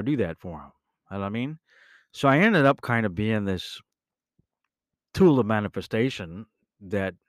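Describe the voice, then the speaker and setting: A man hosting a podcast, telling a rambling personal story in a casual, animated way, often correcting himself mid-sentence. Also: lowish voice, dry recording, clean studio sound. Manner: animated, rambling, with self-corrections and bursts of laughter. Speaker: podcast host.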